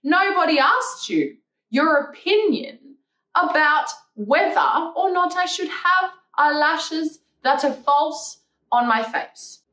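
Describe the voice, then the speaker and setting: A woman's voice: high voice, lively intonation, slow pace, sharp tone. Sarcastic, swearing woman vlogger. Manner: sarcastic, profane, mocking. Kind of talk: ranting reply to comments. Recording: echoey room, mic at a distance.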